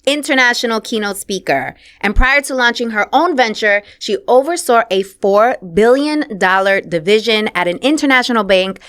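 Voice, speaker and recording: A woman's voice: on the high side, expressive, normal speed, few pauses, a bit bright. A woman hosting an interview podcast in a casual, playful way, with slang and Spanish words mixed in. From Puerto Rican heritage. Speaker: podcast host.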